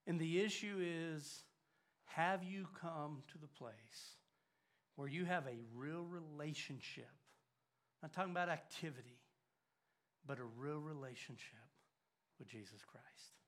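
An older man preaching a sermon, swinging from loud urgent emphasis to hushed, near-whispered lines. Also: a little high, measured pace, pauses often.

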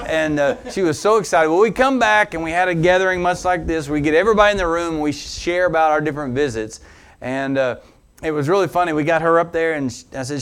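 Lively storytelling male pastor. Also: fairly quick, smooth. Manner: animated storyteller who laughs along with his own anecdote; drops to a low, earnest tone for the teaching points. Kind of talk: sermon storytelling.

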